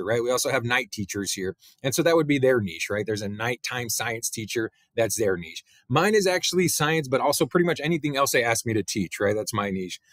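Male teacher, mid-pitched, easygoing recorded lecture, dry room. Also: fairly bright tone, no echo. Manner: casual, explaining with many fillers and "right?" tags.

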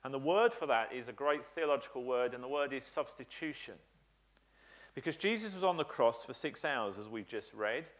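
Earnest and emphatic, a male pastor builds each point of his church sermon by repeating himself, often saying "uh." His mid-range voice moves at a moderate pace with lively intonation.

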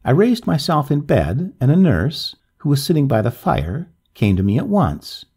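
A man reading a classic story aloud with measured, expressive narration. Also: on the high side, husky.

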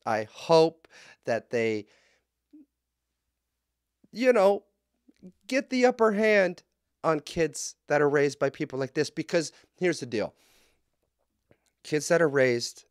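A man's voice: mid-range voice, no echo, studio quality. Blunt, profane man ranting on a podcast. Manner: profane, blunt and heated, swings loud. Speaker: podcast host. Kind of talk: casual podcast rant.

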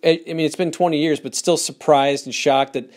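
A man hosting a casual interview, asking halting questions full of restarts. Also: on the high side, steady tone, a little mellow. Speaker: interview host.

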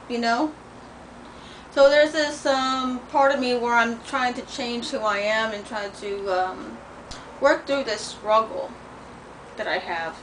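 A woman's voice: on the high side, a bit bright. A middle-aged woman ranting in a vlog, blunt and profane as she tells a heated story, sore and in pain. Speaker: vlogger. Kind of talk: venting vlog rant. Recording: distant mic with faint noise.

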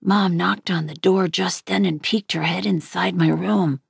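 A woman reading a novel aloud in an unhurried, even storytelling manner. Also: on the low side, vocal fry, slightly rough, dry recording, studio quality. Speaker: reader.

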